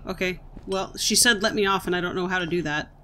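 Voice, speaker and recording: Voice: medium pitch, fast talker, sharp tone, slight background noise. A gaming video host giving chatty, reactive commentary while playing. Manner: chatty, reactive, exclaims at gameplay. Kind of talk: let's-play commentary.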